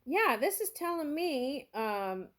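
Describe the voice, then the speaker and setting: A woman giving a spiritual tarot reading, talking slowly and earnestly and thinking aloud as she goes. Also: sits high, big pitch swings, a bit bright. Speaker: tarot reader.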